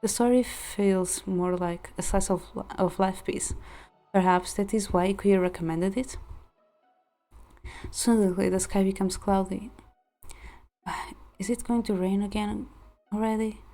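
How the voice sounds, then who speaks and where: A woman streamer reads a romance visual novel aloud in a mellow, warm voice at a middling pitch. She narrates expressively and drops in casual asides. Soft background music plays underneath. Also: steady tone, unhurried.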